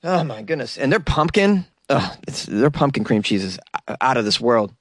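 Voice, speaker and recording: Animated, jokey male podcast host. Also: medium pitch, normal speed, no echo, clean studio sound. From New York. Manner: animated, jokey, rambling, often laughing at himself. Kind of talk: casual solo podcast monologue.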